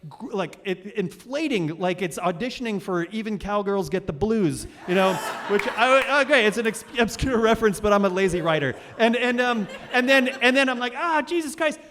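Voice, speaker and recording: A man's voice: high voice, lively intonation, normal speed, hardly any pauses, fairly bright tone, slight background noise. A man in his forties hosting a live storytelling show, rambling and self-deprecating, with many fillers and restarts. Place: stage of a cultural center hall. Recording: reverberant live hall.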